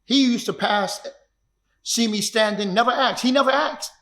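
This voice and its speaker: A martial arts instructor telling his own story in an emphatic, repetitive way that builds to shouts. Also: very high voice, moderate pace. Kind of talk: personal storytelling. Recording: echoey room.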